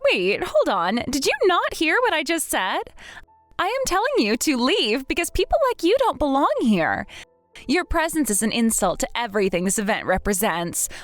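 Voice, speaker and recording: Woman as arrogant rich bride, sneering, high and lively voice, dry sound. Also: normal speed, dry recording, soft background music. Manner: sneering, condescending. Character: snobbish spoiled young woman, arrogant bride. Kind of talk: text-message drama reading.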